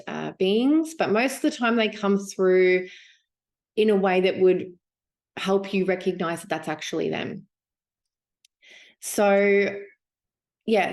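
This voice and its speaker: A woman talks through a spiritual lesson at an unhurried pace. She muses aloud and stops often to restart her thoughts. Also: lowish voice, darkish tone. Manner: slow, musing, with many fillers and restarts. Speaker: spiritual teacher. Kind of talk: casual spoken teaching.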